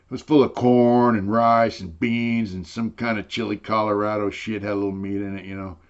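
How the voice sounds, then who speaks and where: A man's voice: lowish voice, flat delivery, normal speed, smooth, dull audio. An older man telling a long story in casual, rambling talk, swearing freely and saying "you know" again and again. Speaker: interviewee telling prison stories.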